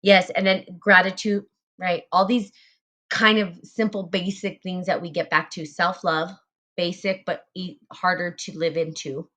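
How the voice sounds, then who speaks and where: A woman's voice: fairly low pitch, level tone, a little slow, a bit bright. Earnest woman on a spiritual talk. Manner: earnest, repeats phrases, frequent fillers. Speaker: podcast host. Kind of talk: casual spiritual group talk.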